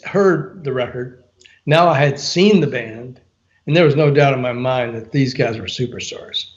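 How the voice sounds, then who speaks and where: A man's voice: mid-range voice, lo-fi sound. An older man, an author and former radio promo man, telling a story in an interview, laughing often and acting out quotes. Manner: animated storyteller, laughs often, frequent fillers, quotes people in dialogue.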